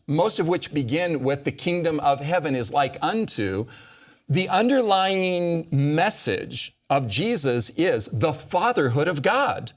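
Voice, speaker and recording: Male host, lively pitch, emphatic scripture teacher at a discussion table. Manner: emphatic, quotes scripture with dramatic stress. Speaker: host leading a Bible study discussion. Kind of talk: animated teaching in a round-table talk.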